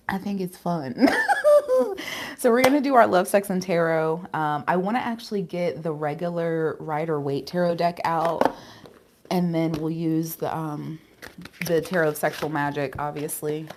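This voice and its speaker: A woman doing a casual live tarot reading, chatty and candid, with casual swearing and quick giggles. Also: low voice, steady tone, background noise. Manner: emotional and giggly. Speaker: tarot reader.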